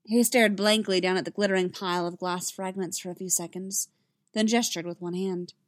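A woman reading a story aloud in an even, unhurried narration. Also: medium pitch, no echo, clean studio sound. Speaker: reader. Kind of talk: reading fan fiction aloud.

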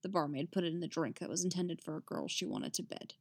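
A woman voicing a grim, terse male witcher who speaks low and dark in clipped lines. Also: quick pace, dry recording. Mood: bitter.

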